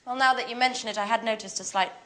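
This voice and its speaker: An actress playing a curious, teasing friend in a scripted language-course drama. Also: female voice, a little high, fairly even intonation, quick pace, bright, forceful tone.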